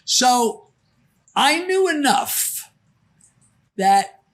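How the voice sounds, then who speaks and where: A man's voice: extremely high pitch, sing-song, drawn-out words, a bit bright. An older man telling a rambling anecdote on a podcast, full of false starts. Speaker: podcast guest. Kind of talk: casual anecdote.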